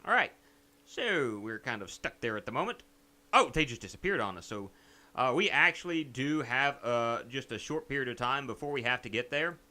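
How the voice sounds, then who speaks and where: A man's voice: medium pitch, expressive, moderate pace, pushed and bright. A man hosting a let's play, chatting casually and reading game text aloud in a playful, self-mocking way. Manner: playful, self-mocking, breaks into silly songs.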